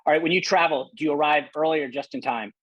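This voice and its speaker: A middle-aged man hosting a casual podcast interview, animated, laughing often and restarting his sentences. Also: on the high side, fast talker, no room sound, muffled recording. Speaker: podcast host. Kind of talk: casual interview with rapid-fire questions.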